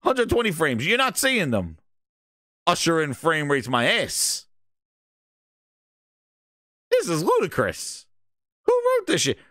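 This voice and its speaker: A man hosting a live gaming reaction stream, loud, excitable and profane. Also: a little high, takes it slowly, long pauses, no room sound, studio quality. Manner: loud, excitable, profane, laughs at his own jokes. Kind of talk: casual live reaction commentary.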